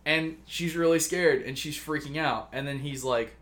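A man's voice: a little high, normal speed, a bit bright. A man casually retelling a story on a podcast, rambling with lots of fillers and swearing. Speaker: podcast co-host pitching a story.

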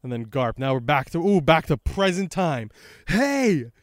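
A man's voice: medium pitch, animated, normal speed, dry recording. A man hosting a podcast, chatting casually through a comic chapter, rambling and trailing off on a close mic. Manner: rambling, reads dialogue aloud, trails off. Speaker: podcast host.

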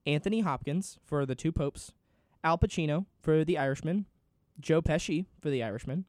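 A man's voice: a little high, normal speed, darkish tone, dry recording, studio quality. A man co-hosting a podcast, chatting casually and reading off a list of nominees. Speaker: podcast co-host. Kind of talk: casual chat.

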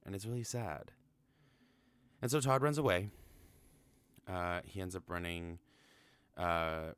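A man's voice: deep voice, a bit bright, clear, resonant tone, no room sound. A young man casually recapping a film, chatty, with frequent swearing and lots of fillers.

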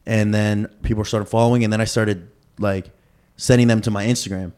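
A man's voice: lowish voice, brisk. Young man, casual slangy chat. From Chicago. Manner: relaxed slangy talk with many fillers.

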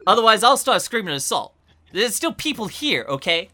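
A game master voicing an agitated young male artist who shouts and threatens to call the police during a tabletop game. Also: sing-song, normal speed. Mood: furious. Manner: shrill, defensive, threatening to scream. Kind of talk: tabletop role-play character voice.

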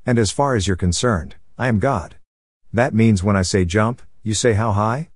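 A man's voice: on the low side, normal speed, no room sound, clean studio sound, lightly acted. Man reading as bossy entitled mother. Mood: commanding. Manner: bossy, commanding, scheming. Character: domineering entitled middle-aged mother.

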